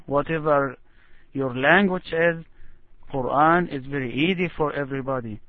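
A man teaching Quran recitation in an online lesson, patiently encouraging and modeling phrases slowly. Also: medium pitch, no room sound. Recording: tinny call audio, dry.

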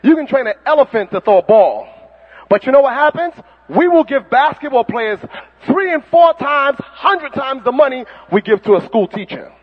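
A man's voice: very high voice, normal speed. Man, preaching sermon, mocking, long reverb, muffled sound. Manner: animated, mocking, preaching with impressions. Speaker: Muslim preacher. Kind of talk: fiery sermon. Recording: dull recording with long hall reverb.

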